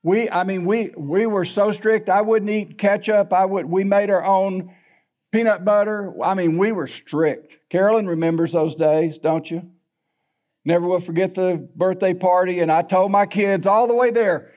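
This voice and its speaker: An older pastor preaches in a high, bright-pitched voice. He talks in a folksy, candid, humorous storytelling way. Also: steady tone, a little slow, dull audio. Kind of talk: sermon.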